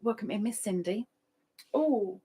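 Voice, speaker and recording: A woman's voice: medium pitch, expressive, measured pace, dark tone, husky. Lady doing a craft livestream, sing-songy, repeats names over and over, chatty. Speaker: livestream host. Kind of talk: casual live-stream chat.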